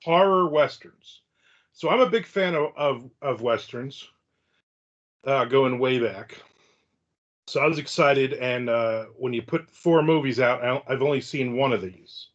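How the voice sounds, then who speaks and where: A man's voice: medium pitch, measured pace. A middle-aged man with a New Jersey accent hosting a casual podcast chat, rambling and teasing his co-host. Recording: dull lo-fi sound.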